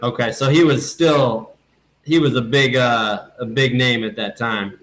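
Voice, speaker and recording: A man hosting a podcast, asking relaxed follow-up questions in a casual chat. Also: medium pitch, a little slow, poor audio. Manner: relaxed, laughs along, asks follow-up questions. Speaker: podcast host. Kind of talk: casual interview.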